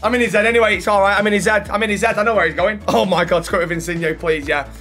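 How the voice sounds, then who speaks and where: High-pitched, whooping young man. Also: steady tone, rapid-fire, soft background music. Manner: loud, boastful, shouts and whoops often. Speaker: gaming YouTuber. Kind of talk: excitable gaming banter.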